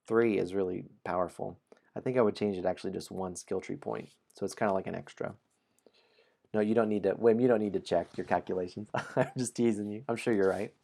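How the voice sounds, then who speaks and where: A man's voice: lowish voice, gravelly, darkish tone. A man hosting a casual game stream, playfully teasing players and reading the story aloud. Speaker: game host.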